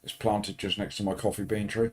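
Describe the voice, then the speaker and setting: A man's voice: on the low side, little pitch movement, brisk, a little hiss or hum. A British man chatting casually with his live stream audience as a sim racing streamer, dropping dry joking asides.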